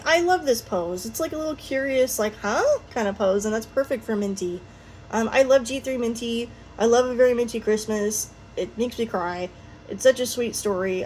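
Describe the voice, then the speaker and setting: A woman's voice: on the high side, a little mellow, slight background noise. A woman chatting casually through her toy collection, rambling with frequent ums and little laughs. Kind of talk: casual show-and-tell chat.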